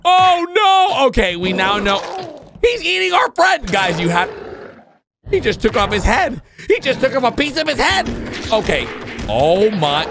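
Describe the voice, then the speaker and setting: A man giving excitable reaction commentary to cartoons, exclaiming and shouting often. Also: extremely high pitch, a little slow, gravelly, background noise. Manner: exclaiming, frequent shouts and laughs. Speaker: video reactor. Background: cartoon music and sound effects.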